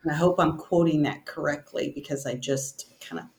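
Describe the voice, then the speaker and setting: A woman leading a casual bible study discussion, reading scripture aloud and talking it through in halting, restarting sentences. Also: low-pitched, a little mellow. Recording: roomy echo.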